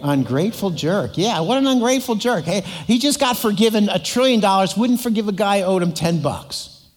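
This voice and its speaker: High-voiced pastor in a reverberant hall. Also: male voice, lively intonation, brisk. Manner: storytelling with acted voices and audience prompts. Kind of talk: sermon.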